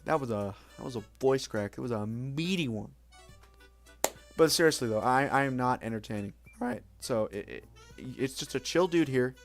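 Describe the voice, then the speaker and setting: Rambling, self-mocking young man streaming at night. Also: mid-range voice. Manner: rambling and self-mocking, swearing, with quick jokey outbursts. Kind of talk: casual late-night livestream chat.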